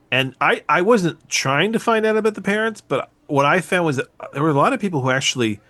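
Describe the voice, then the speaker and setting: A man co-hosting a podcast in casual chat, animated and swearing freely, his voice jumping up when excited. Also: medium pitch. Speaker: podcast co-host.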